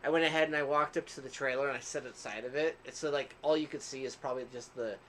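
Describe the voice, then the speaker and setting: A man's voice: mid-range voice, fairly even intonation, fast, a little hiss or hum. A man co-hosting a casual podcast, telling a long rambling story with frequent laughs and asides. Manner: self-described quieter one. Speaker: podcast co-host.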